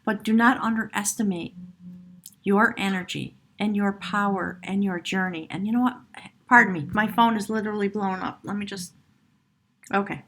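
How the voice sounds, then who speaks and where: A woman's voice: medium pitch, moderate pace, fairly bright tone, slight background noise. A woman giving an earnest, emotional tarot reading, laughing often and at times choked up, her voice cracking. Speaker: tarot reader.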